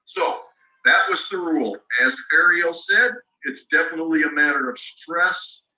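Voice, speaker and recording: This ESL teacher patiently guides his online class through spelling rules, spelling words letter by letter. He is a man with a slightly high voice, a moderate pace and a sharp tone. The audio is dull and roomy, from a video call mic at a distance.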